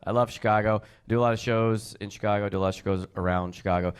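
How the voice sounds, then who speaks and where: Fast-talking stand-up comedian man. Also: steady tone, clean tone. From New Jersey. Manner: fast, chatty, acts out quoted people in high voices. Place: comedy stage before a live audience.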